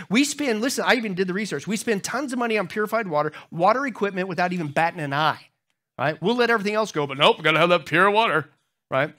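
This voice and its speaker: Middle-aged male pastor, humorous sermon storyteller, slightly high, very animated delivery. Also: quick pace. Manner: humorous storytelling, talks to the crowd; animated, jumps into high squeaky voices when acting out others.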